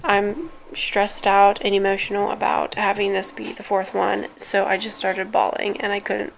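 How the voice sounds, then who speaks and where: A woman's voice: mid-range voice, completely flat delivery, moderate pace, vocal fry, a little hiss or hum, poor audio. A young woman in casual video updates, telling a frustrating story in a worn-out, pained way while lying on a couch at home. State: in pain and worn out. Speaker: vlogger.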